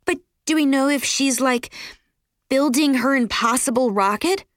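A woman reading aloud as a bubbly, naive schoolgirl with a high, wide-eyed voice. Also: a little slow, dry recording, studio quality.

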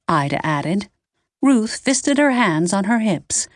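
A woman narrating a mystery audiobook in a measured storytelling manner. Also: on the low side, big pitch swings, dry recording, studio quality. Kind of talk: scripted narration.

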